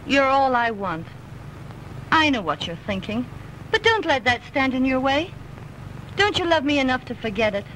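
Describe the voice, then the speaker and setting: A woman's voice: high voice, sing-song, normal speed, pauses often, fairly bright tone, poor audio. An actress playing a spoiled, persistent rich young woman in a 1930s film, coaxing and pleading. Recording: old film soundtrack with faint hiss.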